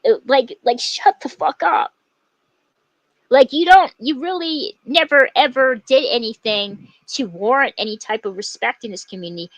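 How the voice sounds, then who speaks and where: Swearing often, a woman livestreamer vents her anger at a rival, her heated speech riddled with fillers and restarts. Her pitch is fairly high and her tone fairly bright. There's no room sound, but the audio is poor.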